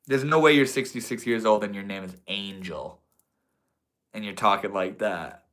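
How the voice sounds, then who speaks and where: A man's voice: on the low side, moderate pace, a bit bright. A man hosting a casual livestream at home, tipsy, reading chat comments and slipping between spiritual musings, calling people bro and dude. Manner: loose, profane, says bro and dude, preachy bursts. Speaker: livestream host. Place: indoors at home.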